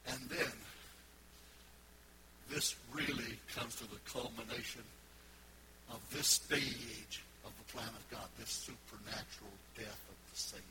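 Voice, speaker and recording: A man pastor preaching a sermon, building to fervent shouts as he quotes scripture. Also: medium pitch, fairly even intonation, unhurried. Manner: preaching with rising fervor, shouting quoted words. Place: church sanctuary. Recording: loud background noise.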